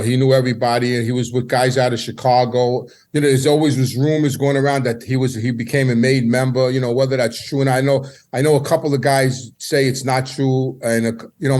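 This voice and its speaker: Stories from his past come from a middle-aged man with a medium-pitched, darkish voice, appearing as a podcast guest. His telling is casual and wandering, marked by repeated words and restarts.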